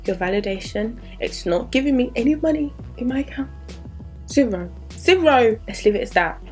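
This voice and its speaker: A young woman in her twenties answers viewer questions in a candid, chatty way, with a fairly high voice. She wanders into asides as she goes, and faint music plays behind her. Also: animated, moderate pace, a little mellow. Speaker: vlogger. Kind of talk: casual Q&A vlog.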